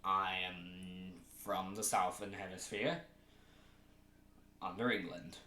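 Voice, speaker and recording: A man from Oceania chatting casually to his camera at home, rambling and joking and often correcting himself as he pitches a fan creature idea. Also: little pitch movement, slow, bright, forceful tone. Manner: rambling, jokey, self-correcting. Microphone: camera mic. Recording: echoey room with faint hiss.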